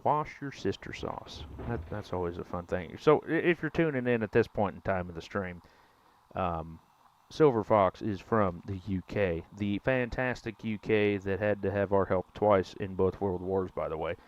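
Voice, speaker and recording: A young man in his twenties with a drawl, ribbing his chat as he plays. His voice sits fairly low. The stream mic sounds dull and lo-fi. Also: normal speed. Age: 20s. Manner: joking, teasing chat, drawling. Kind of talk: casual live-stream chat while gaming.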